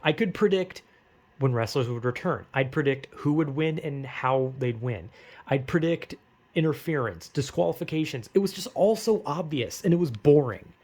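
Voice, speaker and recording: A man's voice: a little high, lively intonation, moderate pace, a little mellow. A man ranting casually and rambling with lots of fillers, getting frustrated and swearing often. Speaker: wrestling fan vlogger. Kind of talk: casual rant.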